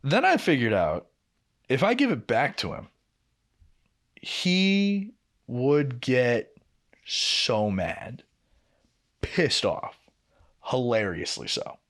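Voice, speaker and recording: A young man co-hosting a podcast tells a work story extremely slowly, pausing often, in a mid-range voice. He's animated and profane, swearing a lot and acting out what others said.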